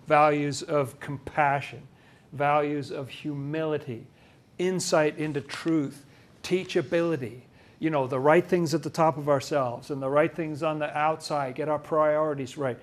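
A man with a somewhat high-set voice teaching scripture in a loose, conversational way. He talks to listeners as if chatting, and slips into little acted voices to quote people. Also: fairly even intonation, moderate pace. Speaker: religious teacher.

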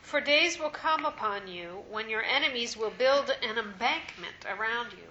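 A woman reads scripture aloud slowly and deliberately, her voice bright and high. She is off-mic in an echoing room, and the recording sounds muffled with a faint hiss. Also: lively intonation. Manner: slow, measured reading. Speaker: scripture reader in a Bible study.

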